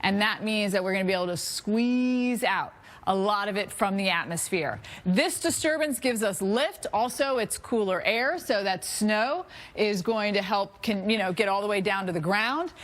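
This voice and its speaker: Chatty upbeat woman weather forecaster. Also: fairly high pitch. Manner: lively, chatty, laughs at her own slips.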